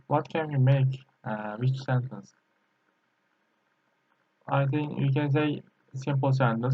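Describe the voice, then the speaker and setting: Male Chinese tutor, Turkish native, halting non-native English, tinny laptop-mic lesson. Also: medium pitch. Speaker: Chinese language teacher. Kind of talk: screen-recorded language lesson.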